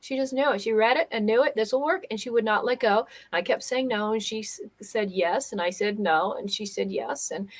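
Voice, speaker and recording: A woman hosting a casual livestream chat as a business coach, telling an animated story and acting out quoted dialogue. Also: medium pitch, brisk, few pauses.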